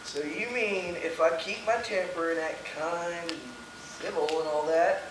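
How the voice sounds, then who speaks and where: A man's voice: a little high, steady tone, lightly acted. Hot-tempered dad, played by a young man, grumbling, distant, echoey hall, noisy. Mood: scheming. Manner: slow, sarcastic, grumbling. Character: hot-tempered father forcing himself to stay calm. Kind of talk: high school stage play.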